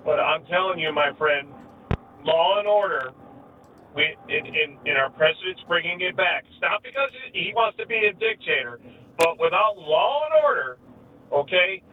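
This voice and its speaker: A man calls in to a talk show over a thin, phone-like line, with his voice set a little higher than most men's. He sounds far from the mic, with faint noise underneath. He talks haltingly and emotionally, stumbling over and repeating his words. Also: animated. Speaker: caller. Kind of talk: emotional call-in to a radio show.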